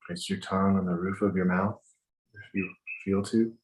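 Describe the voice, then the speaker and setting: Man with a low voice, meditation guide, slow gentle pacing, recorded at home. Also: steady tone, low-quality recording. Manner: slow, gentle instructions with pauses. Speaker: meditation teacher. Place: home with windows open.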